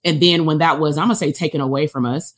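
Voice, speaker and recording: A woman with a notably low voice hosts the conversation. She talks in a chatty way, with restarts, and offers coaching advice to her listeners. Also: fairly even intonation, fast talker. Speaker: podcast host. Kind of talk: casual interview talk.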